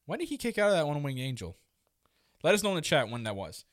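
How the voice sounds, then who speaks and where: A man co-hosting a casual podcast chat, excitable and rambling, with quick laughs and restarts. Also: a little high, no echo, studio quality. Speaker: podcast co-host. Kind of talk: casual wrestling recap chat.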